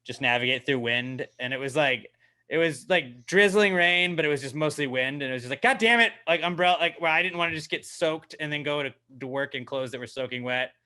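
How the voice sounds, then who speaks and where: A man co-hosting a casual comedy podcast, ranting in a profane, self-mocking way. He swings from mumbled asides to loud outbursts. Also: mid-range voice, brisk. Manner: animated, swinging from mumbling to yelling. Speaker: podcast co-host.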